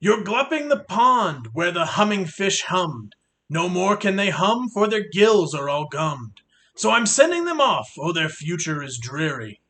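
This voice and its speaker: Storybook creature, small, male, cross and scolding, put on by a male reader, high and bright. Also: big pitch swings, unhurried, full character voice.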